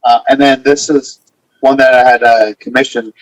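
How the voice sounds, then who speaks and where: A man chats casually as a podcast guest, rambling through anecdotes and slipping into the voices of the people he quotes. His voice sits at an ordinary pitch and is recorded dry and close, with little room sound. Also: moderate pace, dry recording, poor audio. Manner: rambling, animated storyteller acting out quotes. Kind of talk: casual storytelling.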